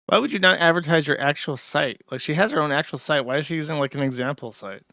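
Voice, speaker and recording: A man's voice: fairly high pitch, fast, pushed and bright, no room sound, clean studio sound. A man hosting a podcast, giving crude, profane, sarcastic commentary as he reacts to online content. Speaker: podcast host. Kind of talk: casual commentary.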